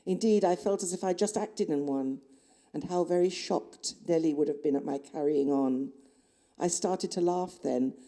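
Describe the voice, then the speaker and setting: A woman author reads her own novel aloud at a festival event. Her voice sits low, with a deep, mellow darkness. She reads in a measured, expressive way. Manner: measured, expressive first-person reading.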